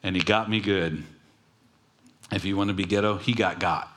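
A man delivers a sermon like a relaxed retelling, dropping jokey asides. His voice sits a little low. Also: normal speed. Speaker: preacher. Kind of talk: casual sermon storytelling.

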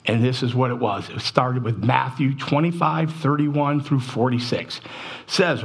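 Husky middle-aged man preaching a testimony. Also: measured pace. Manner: emotional storytelling, drops low and quiet at sad moments. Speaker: church speaker. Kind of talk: sermon testimony.

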